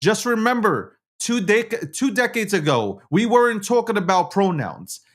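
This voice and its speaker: A fuming middle-aged man from New rants as the host of his own show. His voice swings widely up and down as he gets louder, repeats himself and swears. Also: sits high, sing-song, unhurried. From New York City. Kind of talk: ranting political commentary.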